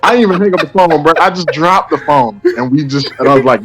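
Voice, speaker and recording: Animated male rapper telling stories. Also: fairly high pitch, quick pace, husky. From San Francisco Bay Area. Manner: animated, acts out quoted voices. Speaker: guest rapper. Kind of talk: casual interview storytelling.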